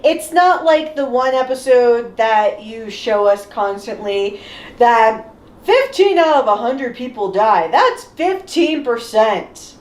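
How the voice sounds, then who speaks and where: A woman co-hosting a casual group chat in a chatty, animated way. Her fairly high voice swings widely and moves at an unhurried pace. The recording carries a roomy echo. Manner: chatty and animated, often breaking into laughter. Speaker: podcast co-host.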